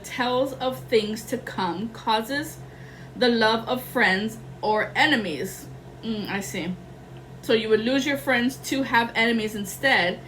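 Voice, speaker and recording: A woman's voice: fairly high pitch, a bit bright, a little hiss or hum, poor audio. A young adult woman doing a casual tarot reading, rambling and slangy, swearing freely. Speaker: tarot reader.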